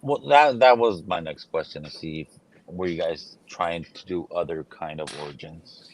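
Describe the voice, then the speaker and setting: A man hosting a casual backyard podcast chat, swearing freely and laughing loudly. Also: low-pitched, normal speed, lo-fi sound, a little hiss or hum. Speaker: podcast host.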